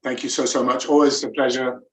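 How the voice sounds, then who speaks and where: A man's voice: medium pitch, flat delivery, fairly quick, reverberant, recorded from a distance, rough recording. A man co-hosting a home cooking show, talking in an enthusiastic, rambling way. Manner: enthusiastic, warm-hearted rambling. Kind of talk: casual chat.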